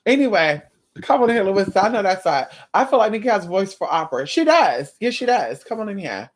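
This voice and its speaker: A woman with a slight lisp gives sassy reaction commentary, her voice jumping lively up and down. She drawls out "girl" and "honey" as she talks to the viewer. Her voice sits mid-pitched. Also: fast talker. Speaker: commentary host.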